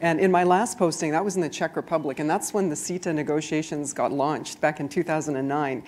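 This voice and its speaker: A woman diplomat giving a friendly, clear conference presentation. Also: low-pitched, steady tone, brisk, a little mellow. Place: conference room before an audience.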